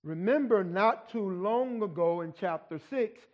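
A pastor with a high voice and lively intonation preaches slowly and unhurriedly, teaching in an easy conversational style. He repeatedly asks his listeners "right?", and the recording sounds dull and lo-fi.

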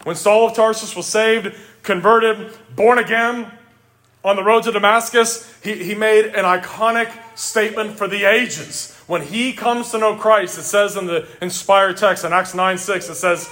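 A middle-aged male pastor preaching a sermon, earnest and emphatic, rising to exclamations and dropping low for quiet reflective asides. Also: steady tone, measured pace.

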